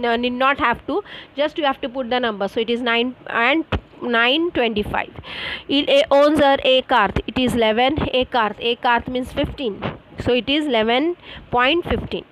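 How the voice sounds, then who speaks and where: A woman teaches French online. She explains each answer slowly, pausing on fillers and spelling words out letter by letter, in the manner of a classroom correction session. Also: on the high side, a bit bright, slight background noise, poor audio.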